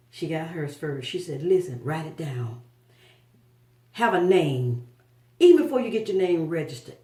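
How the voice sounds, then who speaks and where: A woman's voice: on the low side, warm tone. A middle-aged woman giving an emphatic motivational talk, repeating her key phrases to drive them home. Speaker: vlogger giving life and business advice. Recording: echoey room, mic far off.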